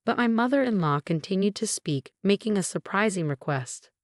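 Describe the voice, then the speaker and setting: A woman narrating a dramatic family story in a scripted, measured reading voice. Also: mid-range voice, animated, no room sound, clean studio sound.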